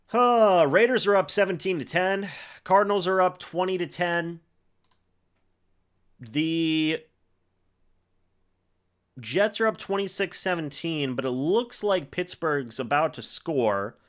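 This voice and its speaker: Young guy streaming a football game live, voice swinging all over, bit high, gets fired up then calms down. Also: slow pace, pauses often. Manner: excitable play-by-play with frequent fillers.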